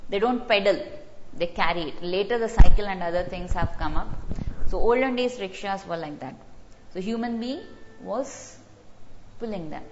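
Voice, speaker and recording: A woman's voice: mid-range voice, moderate pace, darkish tone, slight background noise. Female tutor, repeats vocabulary, slightly muffled lo-fi audio. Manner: repeats key words, explains through stories. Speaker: GRE vocabulary teacher. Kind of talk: online class lecture.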